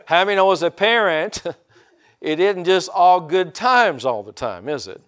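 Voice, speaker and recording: A man's voice: high voice, lively intonation, measured pace, a bit bright. An older man from Indiana preaching a sermon in a folksy way, often calling out for amens. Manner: folksy, calls for amens from the congregation. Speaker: pastor.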